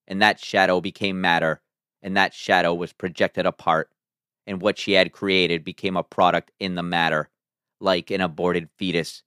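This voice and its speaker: Deep smooth-voiced man reading solemnly. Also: sharp tone, no echo, studio quality. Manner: measured, solemn read-aloud delivery. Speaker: podcast host. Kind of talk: scripted reading of an ancient text.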